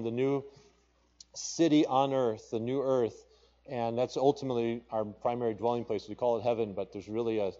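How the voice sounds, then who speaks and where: A man's voice: medium pitch, warm tone, highs cut off. A male pastor with a Papua New Guinean accent preaching a sermon and reading scripture aloud with rising emphasis. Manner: preaching with rising emphasis, quoting scripture in King James wording.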